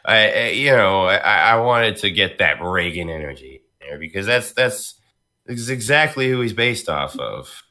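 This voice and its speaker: A man with a low voice and a slight New York accent, chatting on a podcast about his voice acting work. His tone is bright and forward. He tells his stories with animated energy. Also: a little slow. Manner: animated storyteller, slips into character voices. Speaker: voice actor. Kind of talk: casual podcast chat.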